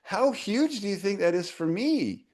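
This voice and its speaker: A man's voice: high voice, expressive, unhurried, a little mellow. Earnest man in his seventies. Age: 70s. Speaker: guest author. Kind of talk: casual interview talk.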